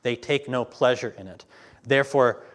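A man preaching a sermon, reading scripture slowly and with weight, then talking plainly to his listeners. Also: medium pitch. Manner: reads scripture slowly and emphatically, then talks plainly to the congregation.

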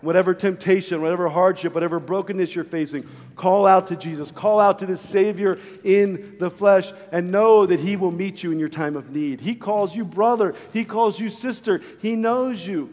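A middle-aged man preaching a sermon as pastor, earnest, moving from loud calls to hushed, intimate lines. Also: high voice, moderate pace, few pauses, in a large hall. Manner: acts out voices in a story.

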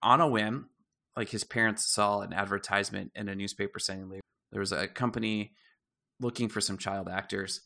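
A man's voice: fairly low pitch, moderate pace, creaky. A man co-hosting a podcast, chatting casually and telling stories with easy laughs. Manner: relaxed storytelling, laughs easily. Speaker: podcast co-host. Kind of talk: casual chat.

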